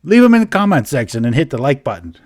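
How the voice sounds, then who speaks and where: A man's voice: mid-range voice, very animated, fast, darkish tone. A young man co-hosting a casual podcast chat, laughing and swearing as he acts out quoted voices. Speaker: podcast co-host.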